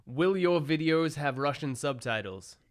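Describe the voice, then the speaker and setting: Smooth-voiced man reading listener questions. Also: on the high side, lively intonation, unhurried. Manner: reads questions aloud, swears casually. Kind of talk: casual chat.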